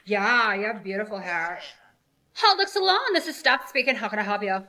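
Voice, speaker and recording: A woman's voice: medium pitch, animated, normal speed, bright, forceful tone. A woman playing a fawning salon receptionist who uses syrupy, overly sweet customer-service talk in a comedy sketch. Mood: sugary.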